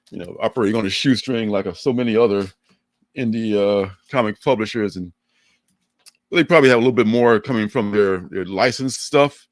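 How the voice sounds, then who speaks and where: An older man co-hosting a livestream, chatting in a rambling, animated way and laughing often. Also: on the low side, no room sound, studio quality. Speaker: livestream co-host. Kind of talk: casual chat.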